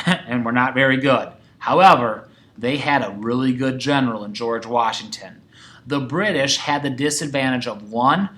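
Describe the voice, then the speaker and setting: A man teaching a sixth-grade history lesson, talking to his class and acting out quoted voices. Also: medium pitch. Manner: animated, acts out quoted voices.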